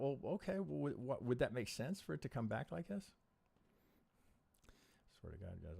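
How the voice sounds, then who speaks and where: Gravelly-voiced man muttering on a live stream. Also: lowish voice, a little mellow. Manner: frustrated, swearing, muttering to himself; thinking aloud, rhetorical questions. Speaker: trading analyst and live stream host. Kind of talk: live stream chart review.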